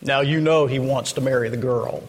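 A man preaching a sermon, retelling the story slowly and dramatically and acting out the quoted lines. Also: medium pitch, fairly even intonation. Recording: long hall reverb.

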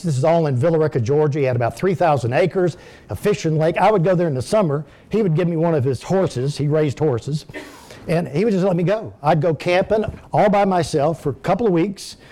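A man's voice: a little high, expressive, fairly quick, dark tone. Folksy older man preaching. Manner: folksy storytelling, addresses the audience directly. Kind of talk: sermon with personal stories.

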